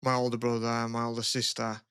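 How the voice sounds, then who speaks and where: A man's voice: mid-range voice, monotone, a little fast, fairly bright tone, smooth, dry recording, studio quality. A man co-hosting a podcast in casual chat, rambling, with a lot of "like" and swearing. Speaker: podcast co-host.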